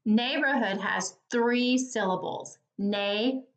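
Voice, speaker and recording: Slow, encouraging woman teaching phonics. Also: a little high, animated. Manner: slow, clear, encouraging, over-articulated. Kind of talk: phonics lesson for young children.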